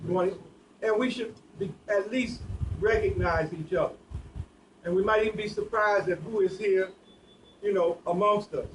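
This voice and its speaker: A high-pitched man moderates a community panel, urging people to speak up, stumbling over his first words. He sits away from the mic, with a faint hiss in the background. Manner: encouraging, halting restarts. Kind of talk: panel discussion. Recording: distant mic, faint noise.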